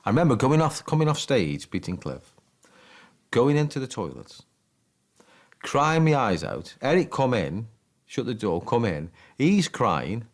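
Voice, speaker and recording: A man's voice: medium pitch, big pitch swings, measured pace. A man recalling his darts career in a casual interview, acting out remembered conversations. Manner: storytelling, acts out quoted dialogue.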